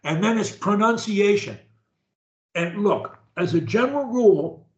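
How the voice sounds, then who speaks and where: High, lively male speech coach. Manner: directive, models words slowly for repetition. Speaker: speech therapist. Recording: roomy, dull lo-fi sound.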